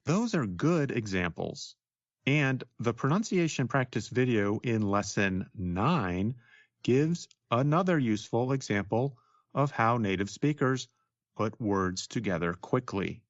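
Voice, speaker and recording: Guy co-hosting an english podcast, slow and animated, dry dull-ish sound. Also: mid-range voice, no room sound. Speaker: co-host. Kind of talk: scripted educational podcast.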